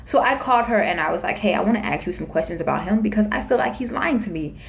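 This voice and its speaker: A young woman from Florida tells a personal story straight to her viewers in an easy, conversational vlog voice. She sits at a mid pitch and slips into quick, lively impressions of what others said. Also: vocal fry. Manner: chatty, animated retelling with acted-out quotes. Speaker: vlogger. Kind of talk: casual storytime.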